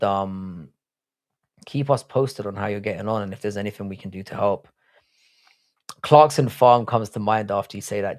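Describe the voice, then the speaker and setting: Crude, rambling English man on a livestream. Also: on the low side. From England. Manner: blunt, crude, rambling banter with frequent restarts. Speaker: livestream host reading chat. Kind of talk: casual live-stream chat.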